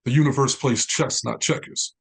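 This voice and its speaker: A man, a guest in an interview, telling his life story with animated quoted dialogue. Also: medium pitch, normal speed, creaky, breathy edge. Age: 40s.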